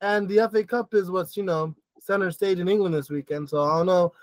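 A man's voice: high voice, brisk, dry recording. A man co-hosting a casual football podcast, talking in a laid-back, conversational way. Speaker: podcast co-host. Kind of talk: casual sports podcast chat.

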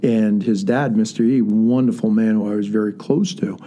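A man's voice: fairly low pitch, steady tone, moderate pace, mellow. A man telling a personal story in a casual, earnest way with many fillers. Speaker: guest storyteller.

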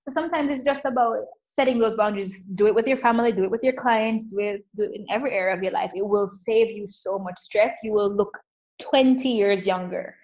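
A woman coach talking in a casual interview, emphatic and animated, often saying "like". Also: medium pitch, fairly quick, low-quality recording. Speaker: coach and guest.

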